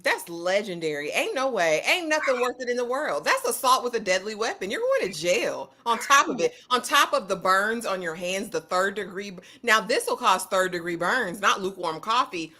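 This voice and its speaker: A woman co-hosting a casual panel chat, quick and joking with emphatic slang. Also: medium pitch, sing-song, bright, forceful tone. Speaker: panel co-host. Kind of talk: casual chat reacting to viral clips.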